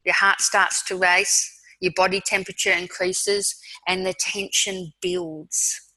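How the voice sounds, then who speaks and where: A woman with an Australian accent giving a webinar talk on mindfulness, guiding listeners through an exercise in a calm, slow way with soft pauses. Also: on the low side, dry recording, poor audio. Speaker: mindfulness speaker.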